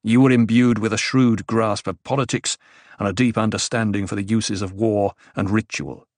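A man voicing a calm, cryptic male advisor in an audiobook, speaking in a measured, even, reasoning way. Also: lowish voice, no echo, lightly acted. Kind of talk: audiobook character voice.

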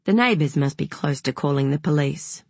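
A woman narrating an audiobook in a measured, unhurried way, with a breathy voice. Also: deep voice, animated, darkish tone, no room sound.

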